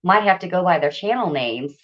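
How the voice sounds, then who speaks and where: Woman, host of a casual home livestream, chatty and laughing, lower voice, lo-fi tablet sound. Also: expressive, a little fast. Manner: chatty, greets viewers warmly by name, laughs often. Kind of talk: casual live-stream chat.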